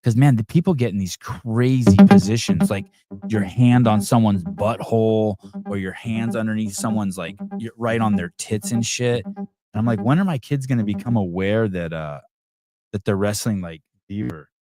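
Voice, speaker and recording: A man's voice: lowish voice, normal speed, over music. A man hosting a podcast call-in, chatting loosely and casually with a lot of swearing. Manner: loose, profane, relaxed banter. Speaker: podcast host. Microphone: phone line for calls.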